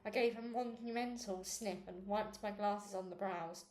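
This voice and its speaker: A woman's voice: steady tone, normal speed, a little mellow. Woman reading a children's book aloud. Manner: reads with small slips and restarts, lifts pitch for quoted girls. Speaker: reader. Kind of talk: read-aloud book narration. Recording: echoey room with faint noise.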